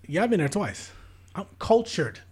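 A man's voice: high voice, sing-song, moderate pace, a little mellow. A young American man co-hosting a podcast, telling stories in a laid-back casual chat that often trails off. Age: young adult. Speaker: podcast co-host.

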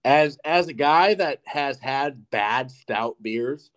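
A young podcast co-host with a mid-range voice speaks slowly. He tells a lively, profane story in casual conversation, saying "like" again and again.

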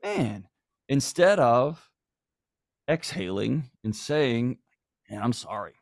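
A man's voice: medium pitch, lively intonation, takes it slowly, gravelly, dry recording, studio quality. A middle-aged man talking earnestly and with emphasis on a podcast, acting out quoted lines as he goes. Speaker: guest. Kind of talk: conversational podcast talk.

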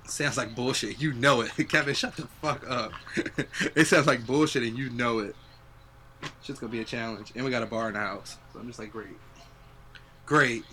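A man's voice: mid-range voice, steady tone, fairly quick, bright, forceful tone, slight background noise. A young adult man hosting a podcast, chatting casually and reflectively, swearing freely. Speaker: podcast host. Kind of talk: casual chat.

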